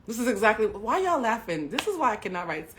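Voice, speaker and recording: A woman hosting a live stream, telling a personal story to her chat with lots of swearing. She drops to hushed asides, then bursts out loud. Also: fairly high pitch, very animated, fast talker, a little hiss or hum. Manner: profane, swings between hushed asides and loud outbursts; talks directly to live chat.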